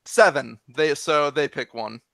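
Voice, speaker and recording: Jugador de voz áspera, habla lenta. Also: male voice, a little high, measured pace, creaky, a bit bright. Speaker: player. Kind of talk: tabletop game chat.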